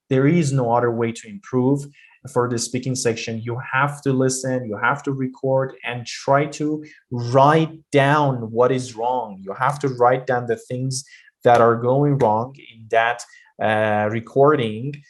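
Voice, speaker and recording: A man's voice: mid-range voice, fairly even intonation, unhurried. A man teaching a pronunciation lesson, explaining patiently and repeating key points with fillers and restarts.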